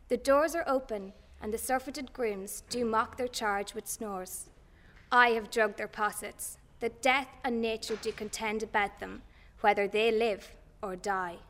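A woman's voice: on the high side, a bit bright. An actress playing a scheming, fearful noblewoman in classical stage style, urgent and commanding. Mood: tense. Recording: long hall reverb.

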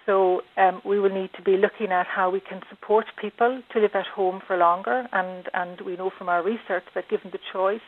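A woman's voice: mid-range voice, steady tone. Woman expert on a phone line. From Ireland. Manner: measured, stumbles on repeated words. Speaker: expert guest, researcher on older people's care. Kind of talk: radio interview answer.

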